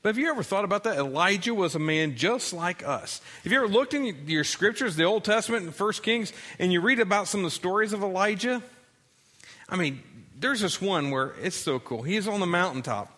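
A man preaching a sermon, telling a story with energy, rising loud and dropping soft, and acting out the voices of the people in it. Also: high voice, fairly quick. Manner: animated storytelling, acts out voices, rises loud then drops soft. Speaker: pastor.

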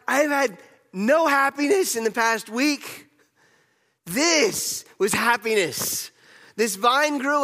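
A man's voice: on the high side, a bit bright, in a large hall. A man playing Jonah as an angry, sulking prophet, telling his grievances in the first person in a sermon monologue. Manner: petulant, exasperated storytelling in first person.

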